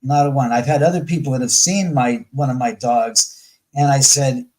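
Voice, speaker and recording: A man's voice: medium pitch, moderate pace, poor audio. A middle-aged man talking bluntly and profanely in casual chat, often acting out other people's words. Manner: blunt, profane and animated, acting out quoted voices. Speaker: guest.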